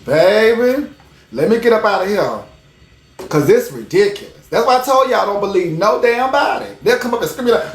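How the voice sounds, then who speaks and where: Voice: mid-range voice, big pitch swings, brisk, reverberant, slight background noise. A livestream host chatting casually to viewers in a sassy, emphatic way, repeating phrases for effect. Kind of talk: casual live commentary to viewers.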